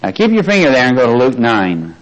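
Male preacher, mid-pitched, chatty sermon delivery, emphatic swells, quizzes the flock. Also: wildly swooping pitch, fairly quick, low-quality recording. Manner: conversational, asks the congregation questions.

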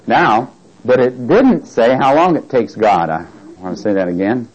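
Male preacher, sermon on an old tape, mid-pitched, quizzes the room, reads scripture. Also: expressive, moderate pace, a little mellow. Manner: asks the congregation questions, jokes and reads scripture aloud. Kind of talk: sermon Bible study. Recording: dull lo-fi tape recording.

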